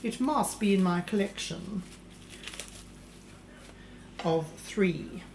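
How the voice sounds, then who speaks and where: A woman's voice: lowish voice, extremely slow, roomy sound, noisy background. Woman playing a posh vain English lady cook. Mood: flustered. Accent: English, put on. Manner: theatrical, calls people darling. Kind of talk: live-streamed comedy cooking show in character. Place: home kitchen.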